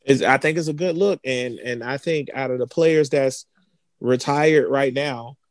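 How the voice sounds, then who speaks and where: A man's voice: mid-range voice, a little slow, no echo, clean studio sound. A man co-hosting a casual sports podcast, talking in a loose, opinionated way full of joking trash talk. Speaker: podcast co-host.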